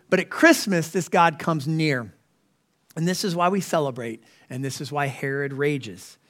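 A man with a fairly high voice preaches from the pulpit. He presses his points earnestly and leans on rhetorical questions to draw the congregation in. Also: fairly bright tone. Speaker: pastor. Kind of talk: sermon.

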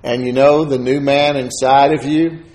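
A man gives a sermon testimony in a relaxed, folksy storytelling way, switching into the voices of the people he quotes. His voice sits at an ordinary middle pitch. The room around him is echoey. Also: normal speed. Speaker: preacher sharing testimony.

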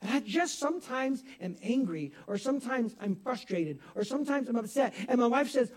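A man preaching a sermon to a congregation, swinging from soft asides to loud, emphatic bursts and sometimes laughing at himself. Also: very high-pitched, animated, moderate pace, few pauses. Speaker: pastor. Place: church hall with congregation.

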